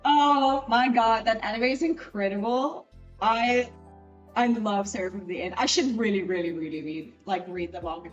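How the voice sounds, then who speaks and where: A young woman chatting casually with her stream while studying, animated, swearing freely and jumping between tangents. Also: mid-range voice, moderate pace, far from the mic, dull audio. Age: young adult. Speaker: student streamer. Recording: voice a bit off mic, with music behind.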